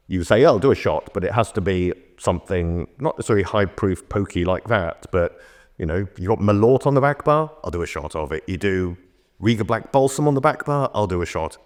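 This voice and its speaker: A middle-aged man with a very deep voice is chatting casually as a guest. He tells long, rambling anecdotes from behind the bar. His delivery is unhurried and conversational. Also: expressive. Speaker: bartender guest.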